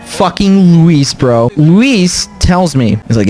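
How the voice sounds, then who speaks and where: A man streaming to his chat, telling a story in a dramatic, profane, animated way. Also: fairly high pitch, unhurried, hardly any pauses, faint music behind. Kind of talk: casual storytelling to a live chat.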